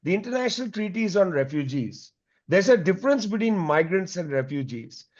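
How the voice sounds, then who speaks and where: A middle-aged man speaks at a public talk, laying out his points in a measured, explanatory way with a lot of "you know". His voice sits fairly high. The recording is dull and lo-fi. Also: expressive. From India. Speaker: guest speaker, historian.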